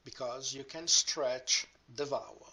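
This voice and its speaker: A man teaching a pronunciation lesson, speaking slowly and deliberately and drawing out example words. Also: medium pitch, gravelly, bright, forceful tone. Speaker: language teacher. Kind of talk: grammar lesson.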